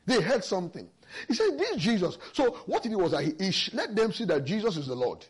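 Male preacher, husky and animated, emphatic scripture exposition. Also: high-pitched, quick pace, few pauses. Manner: lively, emphatic Bible exposition with personal stories. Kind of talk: sermon.

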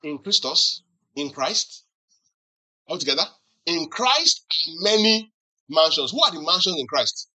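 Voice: medium pitch, expressive, unhurried, long pauses, sharp tone, husky, rough recording. A pastor preaching a sermon who keeps asking the congregation questions to answer back and teases them with acted-out examples. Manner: teasing humor with acted-out examples.

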